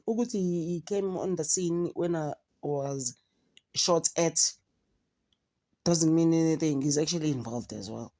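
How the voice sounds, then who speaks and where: A South African woman hosting a casual gossip vlog. She mixes English with Zulu and talks in an animated, mocking way. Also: low-pitched, moderate pace. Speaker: commentator on a gossip channel.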